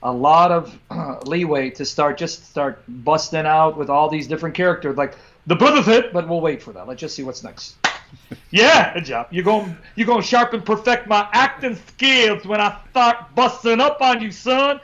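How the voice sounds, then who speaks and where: A man joins a livestream as co-host, trading laid-back jokes. His voice sits high, and the sound is dull and lo-fi, like a remote call. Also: expressive, normal speed, fairly bright tone. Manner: joking, laid-back banter. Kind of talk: casual livestream chat.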